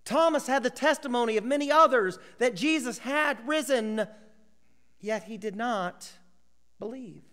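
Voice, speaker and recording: A male pastor delivers a sermon at an unhurried pace, his voice high and full of swooping rises and falls. He acts out the voices of biblical characters and sometimes drops to a hushed whisper for emphasis. His words ring out with a long echo through a church hall. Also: expressive.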